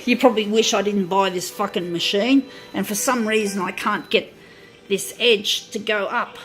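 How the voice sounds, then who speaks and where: A woman's voice: medium pitch, fairly even intonation, moderate pace, soft background music. Woman on a profane, fiery rant. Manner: profane, ranting, half-laughing. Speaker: vlogger. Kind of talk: angry ranting product demo. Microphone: phone.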